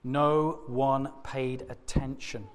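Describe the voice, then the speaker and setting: A man preaching in a church, retelling a Bible story with animated asides and chuckles. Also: medium pitch, slow pace, smooth. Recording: echoey church hall.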